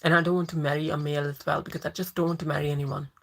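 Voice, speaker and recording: A woman's voice: sits low, little pitch movement, racing, creaky, fairly bright tone. A woman hosting a casual livestream Q&A, answering viewer questions thoughtfully and often searching for words and restarting.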